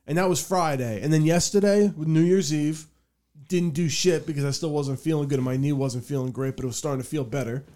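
A man's voice: on the high side, a little fast, dark tone. A young man, hosting a podcast and rambling through a profane story with laughs. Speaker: podcast host. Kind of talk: casual storytelling chat.

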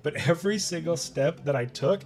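A man's voice: on the high side, a little fast, a little mellow, soft background music. A middle-aged man, a podcast guest, telling a personal story in conversation and acting out his own past thoughts.

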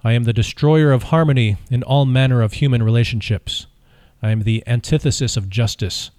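Man reading as the devil, boastful male spirit, declarative, list-like boasts, mid-pitched voice, dry close sound. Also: a little fast, darkish tone, dry recording, natural voice. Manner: declarative, self-proclaiming lists.

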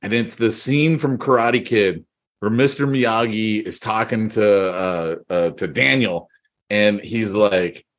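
A man co-hosting a podcast, telling stories in lively casual chat and laughing often. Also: fairly low pitch, takes it slowly. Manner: animated storytelling, laughs often. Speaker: podcast co-host.

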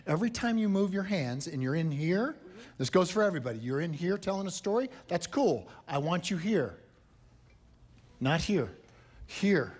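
Husky, emphatic male speaking coach. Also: high-pitched, sing-song, fairly quick, darkish tone. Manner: emphatic, punchy, repeats "right?" and "you understand?". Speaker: speaking coach judging a contestant. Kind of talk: live feedback to a speaker.

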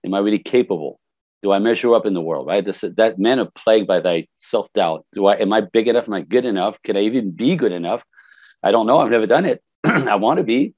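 The recording is dry and dull, and the man speaks fast in a fairly low voice. He's an older life coach in a relaxed interview, telling stories with energy and acting out quotes from people.

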